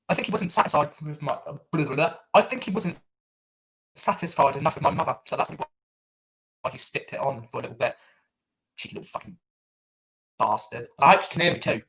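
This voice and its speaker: A man's voice: on the high side, expressive, moderate pace, pauses often, fairly bright tone, husky, poor audio. A man doing crude, rambling improvised stand-up over an online call, full of fillers and hesitations. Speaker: stand-up comedian.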